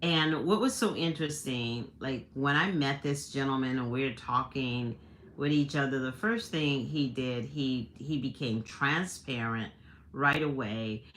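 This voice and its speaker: A woman's voice: very deep voice, measured pace, a bit bright, a little hiss or hum. A woman hosting a livestream, telling a personal story in a chatty way, laughing often and restarting her sentences. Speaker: livestream host. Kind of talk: casual storytelling to a live audience.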